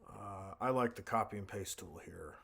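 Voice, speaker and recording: A man with a deep, low voice talks through a composition tutorial at his desk mic. He thinks aloud, hesitating and correcting himself as he works. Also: moderate pace, gravelly, a bit bright, breathy edge. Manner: thinking aloud, many fillers and self-corrections. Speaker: music composition instructor. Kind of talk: casual screen-recorded tutorial narration.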